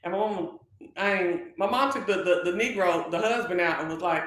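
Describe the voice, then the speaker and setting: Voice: mid-range voice, a little fast, slight background noise. Sassy livestream host in a very echoey room. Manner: sassy, animated, calls viewers girl and honey. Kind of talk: casual livestream gossip chat.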